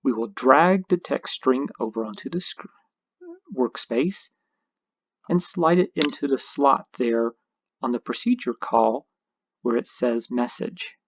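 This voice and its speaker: A man's voice: mid-range voice, lively intonation, a little slow, breathy edge, dry recording, muffled recording. A man narrating a screencast tutorial, explaining each step patiently as an instructor.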